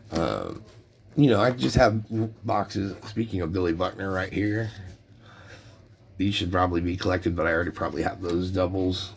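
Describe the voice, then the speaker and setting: A middle-aged man casually telling a rambling story about collecting trading cards, full of fillers and restarts. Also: deep voice. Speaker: card collector vlogger.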